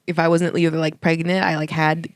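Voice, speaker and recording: A woman's voice: low voice, level tone, a little fast. A young woman co-hosting a podcast in casual chat, musing and laughing often. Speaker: podcast co-host.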